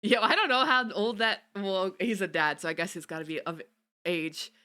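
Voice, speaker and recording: A woman's voice: mid-range voice, normal speed, pushed and bright. A young woman streamer chatting casually with her viewers, greeting them and cursing offhandedly. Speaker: VTuber streamer. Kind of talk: casual livestream chat.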